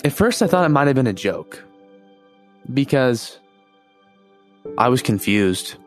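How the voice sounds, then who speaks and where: A young man tells his side of the story in a relaxed, conversational way that turns thoughtful. His voice sits at an average pitch. Soft music plays faintly behind him. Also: measured pace. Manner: casual, conversational, reflective. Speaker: interviewee, the storyteller's brother. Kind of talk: personal storytelling interview.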